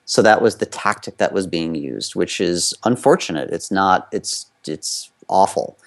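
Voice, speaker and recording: A man's voice: low voice, lively intonation, unhurried, vocal fry. A man from the United States, an interview guest and former competitive skater, telling a candid personal story in loose, conversational run-on sentences full of fillers.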